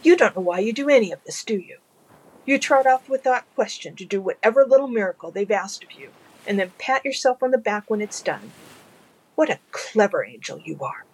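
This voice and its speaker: A cold, sneering male demon , voiced by a reader in a fan audiobook. He bites off his words with withering scorn. The voice is gravelly and husky. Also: medium pitch, lively intonation, brisk, pitched above the performer's own voice, rough recording. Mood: sardonic. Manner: biting, sneering.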